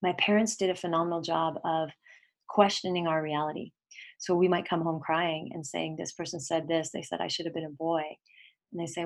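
A middle-aged woman, a former sports coach and public speaker, talking in an interview with steady, clean and clear enunciation. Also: lowish voice, moderate pace. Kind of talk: interview conversation.

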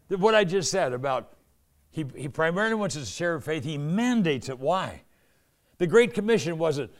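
A man preaching a sermon, telling a personal story with acted-out dialogue, swinging between loud emphasis and hushed asides. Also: a little high, big pitch swings, a little fast. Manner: acts out dialogue in his stories.

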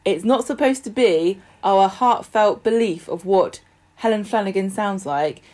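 A woman's voice: medium pitch, measured pace, darkish tone. A woman co-hosting a podcast, chatting casually and earnestly while joking about the show. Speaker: podcast co-host. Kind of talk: casual chat.

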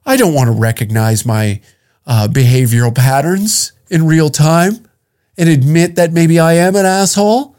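A man's voice: a little high, moderate pace, darkish tone, voice pushed up, natural voice. A man putting on the voice of a whiny woman who argues with her feelings, pleading and self-pitying.

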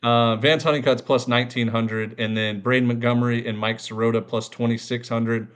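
A man's voice: mid-range voice, little pitch movement, a little fast, fairly bright tone. A man hosting a sports podcast, talking loosely with lots of fillers and easy laughs. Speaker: podcast host. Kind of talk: casual sports chat.

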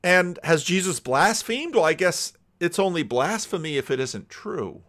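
A middle-aged male pastor preaching with a lively, animated voice that climbs and dips a lot. His pitch sits a little high for a man. He talks conversationally and often repeats a word while he thinks aloud. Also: measured pace. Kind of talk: sermon.

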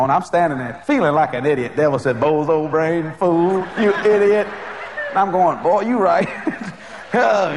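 A male preacher telling a story during a sermon, animated and often laughing as he goes. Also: sits high, slight background noise.

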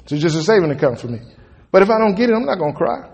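A man preaching a sermon in a church, folksy and emphatic, with sudden loud peaks. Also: sits high, sing-song, very fast, vocal fry, breathy edge. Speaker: pastor. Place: church sanctuary. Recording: long reverb of a church hall.

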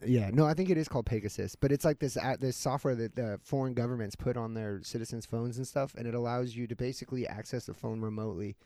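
A man co-host in casual chat, rambling as he explains and cracking jokes along the way. His voice sits at an ordinary middle pitch. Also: quick pace, hardly any pauses, mellow, no room sound. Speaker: podcast co-host.

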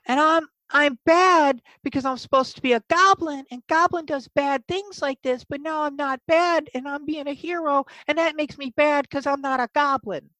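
Boogers, a squeaky panicky goblin. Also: normal speed, few pauses, sharp tone, no room sound, poor audio. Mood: distressed. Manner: panicky, breathless, rambling. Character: small timid anxious male goblin. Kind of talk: tabletop game character voice.

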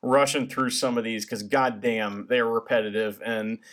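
A man's voice: medium pitch, fairly even intonation, moderate pace, fairly bright tone. A man co-hosting a podcast in casual, jokey, rambling chat. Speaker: podcast co-host.

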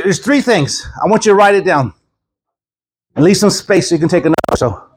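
A man preaching a sermon at a church service, telling stories with animated quoted voices and chuckles. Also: high voice, slightly rough. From Houston, Texas. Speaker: guest preacher.

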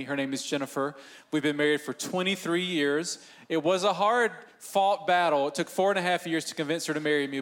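A man's voice: a little high, a bit bright. A man in his forties, a pastor, speaking on a church panel in a joking, self-deprecating but heartfelt way.

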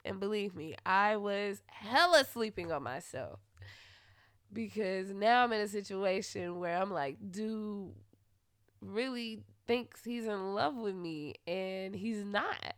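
A woman hosting a podcast, telling a personal story in a blunt, profane way that swings into loud, heated retellings. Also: medium pitch, slow pace, smooth, no room sound, studio quality. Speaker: podcast host. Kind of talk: candid storytelling monologue.

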